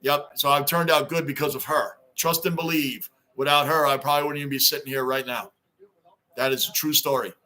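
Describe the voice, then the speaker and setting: A man's voice: fairly high pitch, fairly even intonation, a little fast, bright, forceful tone. A middle-aged man hosting a casual livestream from his basement, reading out fan chat and repeating himself for emphasis. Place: home basement.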